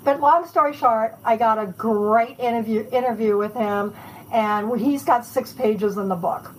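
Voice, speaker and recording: A woman author telling lively anecdotes in a casual interview, chatting and laughing as she goes. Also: on the high side, unhurried, slight background noise, low-quality recording.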